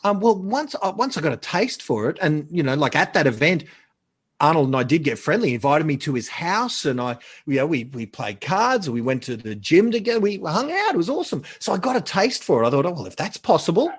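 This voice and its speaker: Animated man telling stories. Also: fairly high pitch, a little fast, husky. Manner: animated, chatty, repeats words when excited. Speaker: podcast guest. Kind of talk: casual storytelling chat.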